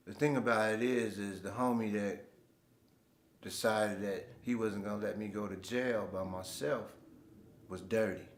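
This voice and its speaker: A man's voice: on the low side, fairly even intonation, measured pace, reverberant. A man hosting his own show, telling stories in a laid-back, slangy way. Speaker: host. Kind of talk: casual storytelling monologue.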